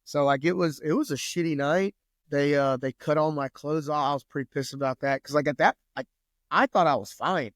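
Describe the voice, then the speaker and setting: Guy, 30s, relaxed profane storyteller, slightly high voice, dry close mic. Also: brisk, no room sound. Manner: loose, profane, lots of "like". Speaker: podcast guest. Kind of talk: casual storytelling.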